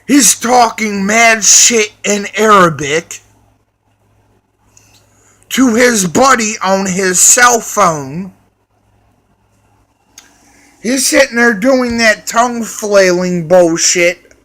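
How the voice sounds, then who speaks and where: A man's voice: high-pitched, a bit bright. A man telling a crude, swear-filled story in a rambling way, restarting and repeating himself. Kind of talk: profane storytelling rant.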